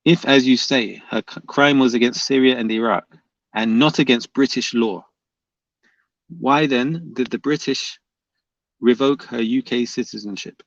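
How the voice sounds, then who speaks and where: This male livestream host speaks in a mid-range voice at a measured pace during a casual debate. He's insistent, pressing and repetitive, asking the same questions again and reading chat aloud. His muffled lo-fi mic gives a dull, dry sound with no echo.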